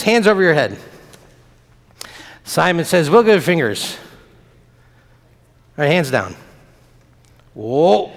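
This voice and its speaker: A man's voice: medium pitch, a bit bright. A man leading a children's message in church, talking simply and playfully with the kids. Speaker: pastor. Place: church sanctuary. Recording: long reverb of a church hall.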